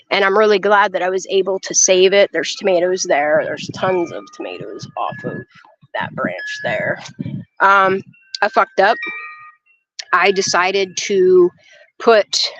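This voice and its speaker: Chatty woman touring her garden outdoors. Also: medium pitch. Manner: chatty and excitable, swears freely, talks straight to viewers. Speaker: vlogger giving a garden tour. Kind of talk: casual walk-and-talk vlog. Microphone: handheld phone camera. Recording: slightly dull phone audio.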